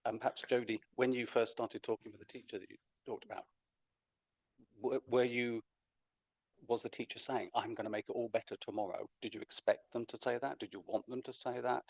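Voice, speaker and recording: A man's voice: mid-range voice, steady tone, gravelly, dry recording. Hesitant man posing a question, dry. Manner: hesitant, halting with restarts. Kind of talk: panel question.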